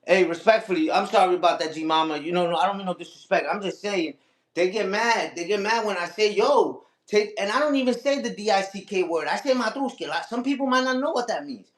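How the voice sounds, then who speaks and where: A man's voice: high-pitched, fast, a bit bright, echoey room. A man hosting a casual livestream, talking back to his critics and repeating his own catchphrases. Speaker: livestream host.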